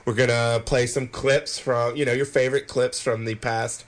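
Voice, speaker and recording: A man's voice: medium pitch, flat delivery, moderate pace. A man co-hosting a podcast, bantering casually with jokes and frequent self-interruptions. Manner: jokey, rambling, self-interrupting. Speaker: podcast co-host.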